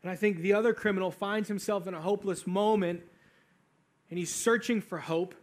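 High-voiced man preaching a sermon. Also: fairly even intonation, brisk. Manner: earnest, rises to fervent emphasis. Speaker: pastor.

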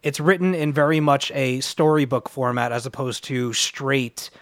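A man's voice: medium pitch, fairly even intonation, moderate pace, a bit bright, dry recording, studio quality. A man co-hosting a comic book podcast, rambling through a review in casual chat and laughing at himself. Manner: rambling, self-deprecating, laughs a lot. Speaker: podcast co-host.

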